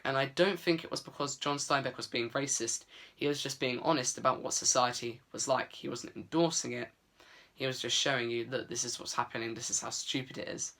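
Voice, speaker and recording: A man's voice: medium pitch, pushed and bright. A man giving a casual, earnest book review vlog, chatty with many fillers.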